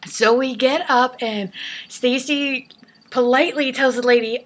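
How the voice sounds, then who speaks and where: A young adult woman telling a story from her own life in a casual vlog, animated and often laughing. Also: high-pitched, unhurried. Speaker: hairstylist telling a travel story.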